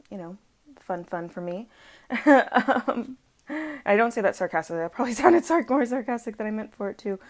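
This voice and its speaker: Woman doing a tarot reading at home, rambly and chatty, lots of ums, mid pitch. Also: darkish tone. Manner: chatty and rambling, with frequent fillers and self-corrections. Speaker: tarot reader. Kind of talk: casual chat. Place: at home with her dog on her lap.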